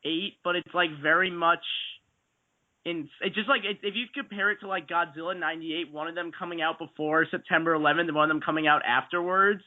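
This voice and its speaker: A man's voice: fairly high pitch, steady tone, brisk. Analytical man on a tinny line. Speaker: podcast panelist. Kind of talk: casual movie discussion. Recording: tinny phone-like lo-fi sound.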